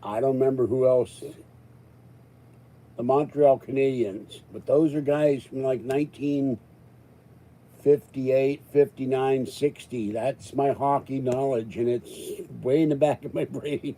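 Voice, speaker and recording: A man's voice: mid-range voice, moderate pace, warm tone, rough recording. An older man hosting a live stream, rambling to his chat and reading viewer comments, his voice rising in exasperation and then settling. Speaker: livestream host.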